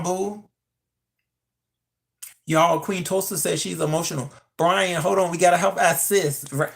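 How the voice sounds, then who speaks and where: A live-stream commentator talking casually into a phone, chatting straight to the viewers and jumping up in pitch when teasing them. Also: creaky.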